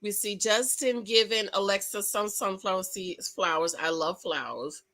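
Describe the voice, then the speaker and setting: Chatty, bright-voiced woman recapping TV. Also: medium pitch. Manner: chatty, gossipy, quick exclamations. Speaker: channel host. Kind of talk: casual reality TV recap commentary.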